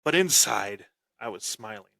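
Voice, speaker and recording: A man hosting a wrestling podcast and telling a story with boastful heel bravado. He breaks into sudden loud bursts and often repeats and restarts his phrases. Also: on the low side, animated, moderate pace, vocal fry, no room sound. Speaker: podcast host.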